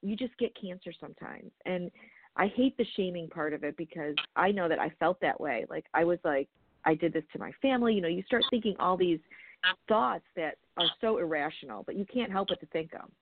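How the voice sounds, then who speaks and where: A woman's voice: on the low side, fairly quick, noisy background. A woman in her forties, a guest advocate, telling her story frankly and with animation in a podcast interview. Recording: phone-line audio.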